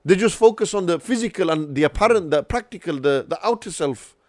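A man's voice: high-pitched, lively intonation, a little fast, no echo, studio quality. A man hosting a religious podcast, talking earnestly and giving advice, with frequent restarts. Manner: earnest, advisory, many restarts. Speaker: podcast host. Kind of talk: casual podcast discussion.

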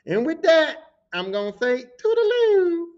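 A man's voice: extremely high pitch, wildly swooping pitch, measured pace, a little mellow, muffled recording. A man hosting a podcast, telling a rowdy work story in a casual, profane monologue and acting out his coworkers' voices. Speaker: podcast host.

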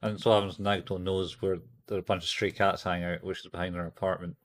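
A man co-hosting a podcast, haltingly retelling anime scenes with many fillers and quoted lines. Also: sits low, flat delivery. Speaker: podcast co-host. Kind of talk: casual chat recapping an anime.

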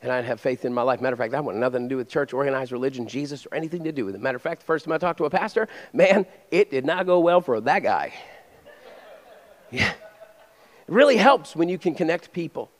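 A man, a pastor, preaching a sermon with energetic exhortation that drops into quiet conversational asides. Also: mid-range voice, a little fast. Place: church hall. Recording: long hall reverb.

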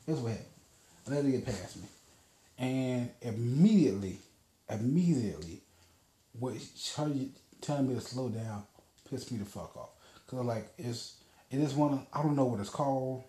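A man rants through a casual story as a podcast host, swearing freely and wandering between fillers. His voice is dark and mellow. The room around him is echoey. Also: mid-range voice, expressive, normal speed. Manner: profane, rambling, lots of fillers.

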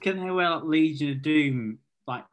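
A man's voice: on the high side, moderate pace, lo-fi sound. A man on a podcast, describing an imagined scene in vivid detail, full of "like" and "kind of.". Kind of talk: casual comedic chat.

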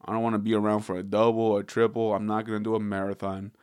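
A man's voice: fairly low pitch, flat delivery, fast, darkish tone, clean tone, no echo. A man hosting a podcast in casual chat, rambling and profane, laughing often between thoughts. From Southern California.

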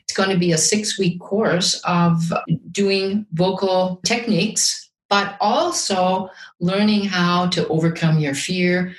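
A woman's voice: on the low side, steady tone, slow pace. A woman speaking as a guest vocal coach in an interview, enthusiastic and often repeating words as she searches for the next one. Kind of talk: casual interview talk. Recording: roomy echo.

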